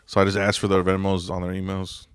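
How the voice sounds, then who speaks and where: A comedian rambling through profane stories in a casual podcast chat. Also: male voice, low voice, monotone, fast, clear, resonant tone, dry recording, studio quality.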